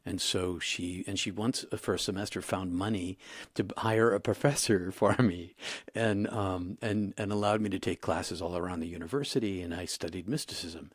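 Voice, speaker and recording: A man in his sixties, a guest in an interview, telling his story in a halting way with many restarts. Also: deep voice, dry recording, clean studio sound. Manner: halting, repeats and restarts, emotional retelling.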